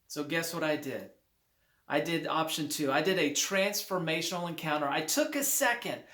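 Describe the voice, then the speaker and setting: A man who writes motivational books telling a personal anecdote to his viewers in an upbeat, lively way with emphatic repetition. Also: fairly high pitch, normal speed. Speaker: motivational author. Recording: roomy echo.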